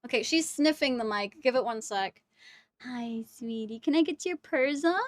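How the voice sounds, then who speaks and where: A woman's voice: on the high side, normal speed, no room sound, clean studio sound. A woman streaming live from home on a wireless mic, chatting casually and giggling as she coos baby talk to her cat.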